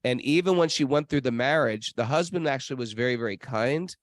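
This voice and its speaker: A man hosts a podcast from a travel spot near temples, telling stories in a casual, rambling chat full of restarts and fillers. His medium-pitched voice moves briskly, with no room sound.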